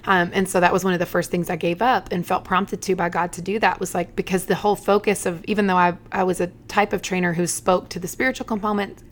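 A woman in her thirties co-hosting a faith-based podcast, speaking frankly and matter-of-factly. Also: on the low side. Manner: frank, matter-of-fact, steady. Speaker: podcast co-host. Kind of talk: faith-based casual conversation.

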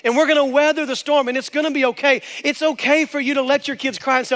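A man's voice: extremely high pitch, fairly even intonation, fast talker, few pauses, fairly bright tone. A male pastor preaching a sermon with passion, calling out to the congregation for amens. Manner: impassioned preaching, calls for amen. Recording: long hall reverb.

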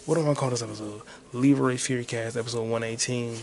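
Brief: male solo podcaster, gravelly voice, casual swearing, faint background hiss. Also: medium pitch, fairly even intonation, fast, few pauses. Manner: profane, muttering to himself while searching online. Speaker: podcast host.

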